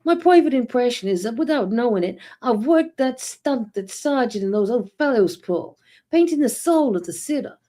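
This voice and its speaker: Woman voicing young male painter, anxious, pleading, animated pitch, read-aloud novel. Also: normal speed, close to an everyday voice. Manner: worried and pleading.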